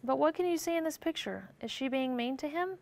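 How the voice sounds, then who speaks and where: Her voice is high, creaky and fairly quick as she teaches young children through a picture book read-aloud. Along the way she animatedly asks questions and answers them for the listeners.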